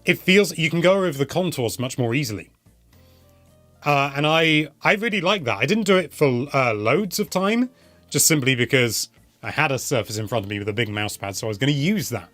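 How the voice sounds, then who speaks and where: A man's voice: medium pitch, lively intonation, a little fast, a bit bright, dry recording, faint music behind. A young man hosting a casual live question-and-answer stream, chatty and rambling, often correcting himself mid-sentence. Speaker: host answering viewer questions.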